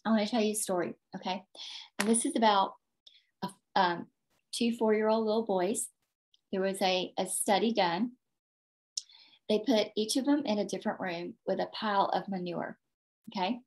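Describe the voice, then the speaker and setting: A woman's voice: mid-range voice, fairly even intonation, moderate pace, pauses often, darkish tone. A woman leading a motivational sales team training over a video call, emphatic, repeating her points and checking in with "okay?".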